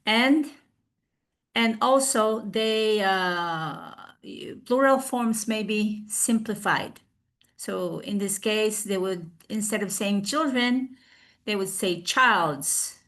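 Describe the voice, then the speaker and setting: A woman presenting a recorded online class on a video call, explaining slowly with fillers and restarts. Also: mid-range voice, a bit bright.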